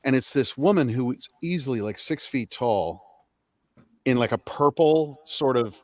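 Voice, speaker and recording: Middle-aged man telling lively anecdotes. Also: medium pitch, unhurried, no echo. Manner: animated anecdotes, casual swearing. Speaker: guest. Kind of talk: casual storytelling chat.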